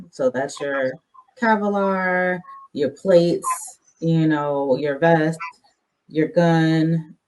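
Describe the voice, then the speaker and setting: A woman's voice: deep voice, darkish tone, a little hiss or hum, poor audio. A woman who is an army veteran, a guest on a podcast interview, telling her stories in a candid, loosely structured way.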